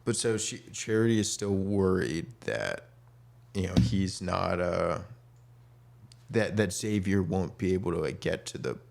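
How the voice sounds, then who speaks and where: A man's voice: low-pitched, lively intonation, a little slow, vocal fry, a little mellow. A young man co-hosting a podcast in casual chat, rambling with lots of fillers. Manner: rambling, many fillers, acts out quotes. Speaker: podcast co-host.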